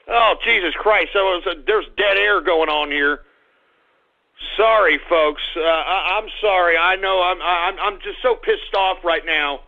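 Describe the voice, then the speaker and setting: A man hosting a live radio show, exasperated, yelling and ranting at his dog. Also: sits high, unhurried, vocal fry. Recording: tinny phone-like radio audio.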